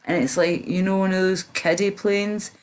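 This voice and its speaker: A woman's voice: medium pitch, fairly even intonation, normal speed, a little hiss or hum. A woman livestreaming in casual chat, drowsy and rambling, with many fillers and trailing off. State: drowsy, slurred.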